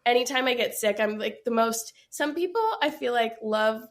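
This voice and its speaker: A woman's voice: a little high, moderate pace. A woman from Georgia in the US, a musician guest in a casual interview, chatty with lots of fillers and laughs, sounding sick and congested. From Georgia, USA.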